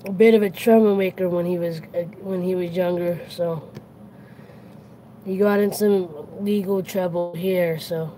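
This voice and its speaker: A woman's voice: fairly low pitch, steady tone, measured pace, dark tone, slight background noise, rough recording. A woman with a Boston accent hosting a casual late-night chat, rambling and correcting herself as she goes. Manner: rambling, self-correcting, chatty. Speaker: host.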